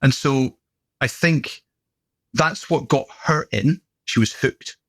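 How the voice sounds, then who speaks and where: A man's voice: mid-range voice, slow, vocal fry, no echo. Chatty British man telling stories. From Britain. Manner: chatty, good-humoured storyteller. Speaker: gym owner and podcast guest. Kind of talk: casual anecdotal conversation.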